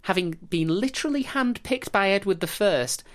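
A woman's voice: mid-range voice, animated, normal speed. A woman hosting a podcast, telling history in a wry, joking way and now and then laughing. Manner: wry, jokey, breaks into laughter. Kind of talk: casual storytelling chat.

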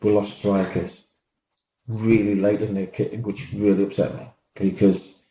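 A man, a former football manager, telling lively anecdotes in an interview and acting out the lines of people in his stories. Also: on the low side, unhurried. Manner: animated storyteller, acts out quoted dialogue, laughs often. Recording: roomy echo.

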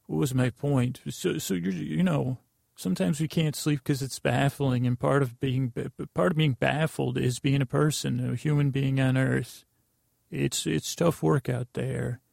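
A sleep-deprived man talks in a heavily creaky, gravelly voice, close and dry with no room sound. He rambles through a bedtime podcast monologue that keeps wandering off. He stumbles, restarts and pokes fun at himself, and his pitch barely moves. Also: steady tone, measured pace, darkish tone, no echo. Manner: meandering and self-deprecating, with many false starts. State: tired from lack of sleep. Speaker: podcast host.

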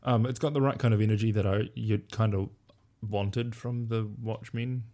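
A man's voice: fairly low pitch, steady tone, moderate pace, warm tone. A young man co-hosting a casual podcast chat, making dry, wry asides with many ums. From New Zealand. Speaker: podcast co-host.

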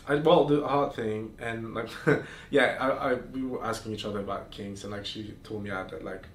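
Here a man with a lowish, even voice talks at a normal speed while hosting a podcast. He's candid and explicit in his storytelling, his casual chat full of fillers and restarts, recorded far from the mic in a roomy space with faint noise.

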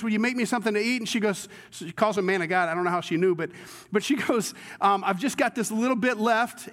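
A male pastor with a high voice preaches a sermon, telling the story with energy and acting out the voices of its characters. His voice rings with the long reverb of a large church hall. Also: fairly bright tone.

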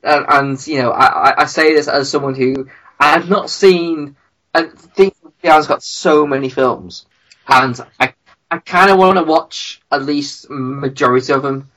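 Bright-voiced rambling man. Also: on the high side, moderate pace. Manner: rambling, repeats words while finding his point. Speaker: podcast co-host. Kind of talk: casual podcast chat.

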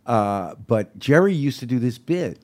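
An older man, a comedian, chatting casually and telling animated stories, acting out the quoted exchanges in them. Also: medium pitch, a little slow. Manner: animated storyteller who acts out quoted exchanges. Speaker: comedian guest. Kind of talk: casual chat, storytelling.

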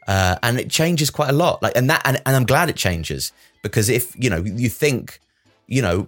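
A man co-hosting a podcast, chatting casually and jokily with many fillers and restarts. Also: on the low side. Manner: rambling, jokey, lots of fillers. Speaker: podcast co-host. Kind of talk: casual chat.

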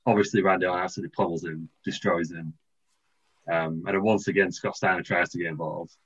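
Guy on a podcast, low husky voice, rambly, keeps laughing at his own story. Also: fairly even intonation, quick pace, a bit bright, muffled recording. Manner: rambling, laughing, restarts, puts on silly voices in quotes. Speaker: podcast co-host. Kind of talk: casual comedic chat, pitching a wrestling storyline.

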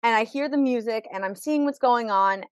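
A woman's voice: on the high side, moderate pace, clear, resonant tone, no room sound. A woman guest on a podcast, telling a vivid personal story and acting out the people in it, often repeating words as she goes. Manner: vivid, acts out quoted people; repeats words when emotional.

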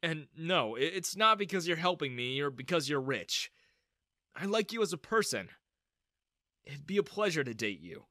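A man voicing a kind, cheerful young woman who speaks gently. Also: a little high, very animated, moderate pace, dry recording, studio quality. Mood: affectionate. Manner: gentle, teasing.

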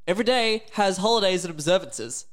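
A man's voice: high-pitched, brisk. A playful man co-hosting a podcast in casual chat. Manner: playful, lively, laughing between lines. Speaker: podcast co-host.

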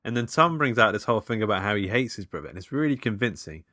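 A man's voice: fairly low pitch, expressive, quick pace, bright, forceful tone, no room sound, studio quality. A man in casual chat about a film, laid-back while recapping scenes.

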